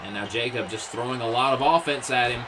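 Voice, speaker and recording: A man doing excitable wrestling play-by-play commentary, exclaiming at each move and dropping joking asides. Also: medium pitch, quick pace, background noise.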